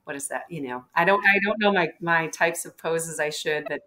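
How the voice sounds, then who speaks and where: A woman doctor with a low voice gives advice on a live webinar, talking in an animated, hands-on way. She clears her throat now and then, over a video call. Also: fairly quick, crowd noise. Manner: animated, acting out patients' words, frequent throat clearing. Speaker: physician guest.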